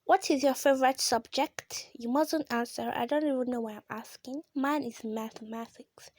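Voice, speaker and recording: A female gamer giving excited let's-play commentary to her viewers, gasping and exclaiming often. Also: high voice, normal speed, no echo. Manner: drops to a whisper at times. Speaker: gaming channel host.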